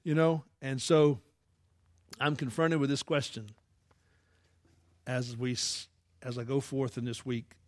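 A young man preaching with an earnest, folksy warmth of conversation. His voice sits at an ordinary middle pitch. The recording is dry and close, with no room sound. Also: no room sound. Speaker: pastor. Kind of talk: sermon with prayer.

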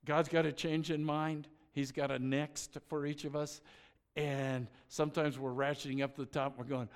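A middle-aged man preaching a sermon as pastor, conversational and animated, acting out little stories with exclamations. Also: a little high, moderate pace.

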